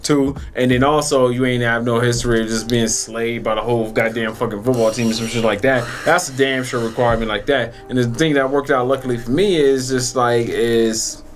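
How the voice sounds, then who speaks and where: A man's voice: medium pitch, steady tone, fairly quick, hardly any pauses, slight background noise. A man, co-hosting a podcast in blunt, profane banter. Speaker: podcast co-host. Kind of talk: casual podcast chat.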